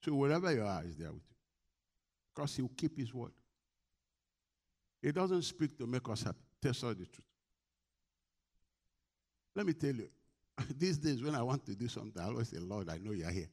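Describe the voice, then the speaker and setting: A middle-aged male pastor preaching a sermon, leading the congregation in call-and-response and swinging between soft, low asides and loud exhortations. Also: sing-song, normal speed, pauses often.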